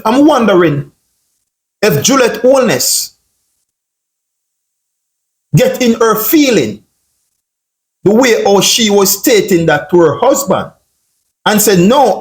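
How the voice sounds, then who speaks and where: A man with a Jamaican accent comments on a clip, slipping into patois and throwing out rhetorical questions. His voice sits high and he takes his time. The room around him is echoey. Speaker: online commentary host. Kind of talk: casual commentary.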